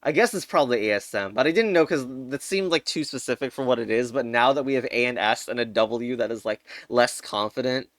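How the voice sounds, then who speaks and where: A man's voice: mid-range voice, brisk, few pauses, dry recording, studio quality. A young man casually commenting while solving crosswords, thinking aloud, muttering and laughing often. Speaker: puzzle game streamer.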